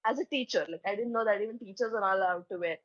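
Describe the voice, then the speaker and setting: A woman's voice: medium pitch, very fast, no echo, muffled recording. A young woman, telling a story in casual chat and filling her speech with "like" and "okay". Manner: chatty, peppers speech with "like" and "okay", acts out dialogue.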